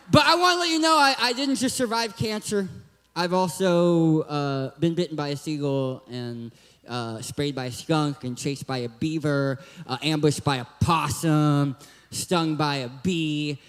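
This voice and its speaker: At a church, a Southern Californian young man speaks as a guest, delivering a hyper, joking talk to the youth. He has a high, cartoonish voice with a lisp, and his words are followed by a long echo from the hall.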